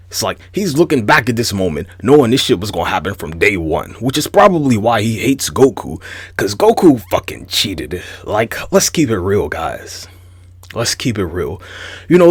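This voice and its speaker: A young adult man hosting a casual, profane commentary rant, animated and incredulous. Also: mid-range voice, no room sound, studio quality. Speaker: host.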